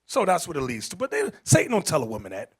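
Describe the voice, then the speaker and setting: A man teaching a Bible class, preaching emphatically, calling out to the room and rising to shouts, with casual street-style asides. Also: a little high, quick pace, breathy edge. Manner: animated and emphatic, calls out to the room, rises to shouting.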